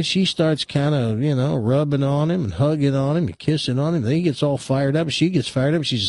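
Animated husky-voiced man telling a joke. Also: fairly high pitch, fairly quick, few pauses, dry recording. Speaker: radio host telling a joke. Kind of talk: joke storytelling on talk radio.

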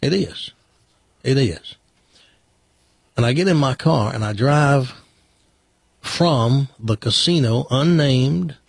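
A man from the American South with a Southern accent, hosting a talk radio show and telling stories in a lively, stammering way. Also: medium pitch, slow, creaky, pauses often, husky, no room sound. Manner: animated storyteller, restarts and stammers. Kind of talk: casual talk radio chat.

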